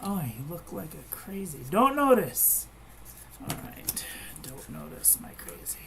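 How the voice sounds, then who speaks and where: A woman's voice: low-pitched, lively intonation, normal speed, vocal fry, background noise. A woman chatting casually while she crafts at home, rambling and meandering, with frequent restarts. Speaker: crafting vlogger.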